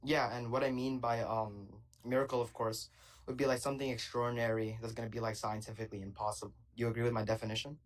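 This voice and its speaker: A man's voice: mid-range voice, little pitch movement, quick pace, poor audio. A young man calling into a live debate, talking casually and hesitantly with lots of fillers. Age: young adult. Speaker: caller.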